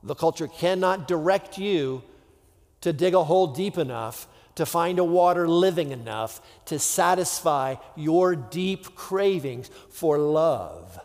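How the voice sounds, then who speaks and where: A male pastor with a high voice delivers a sermon at an unhurried pace. He talks it through conversationally, sinking to hushed, near-whispered words and acting out imagined voices. The long reverb of a church sanctuary trails behind him. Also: expressive.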